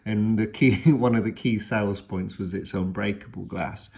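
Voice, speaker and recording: A man's voice: fairly low pitch, fairly even intonation, normal speed, creaky, a little mellow. A man and father giving a casual, rambling film review, retelling the plot with many restarts and fillers.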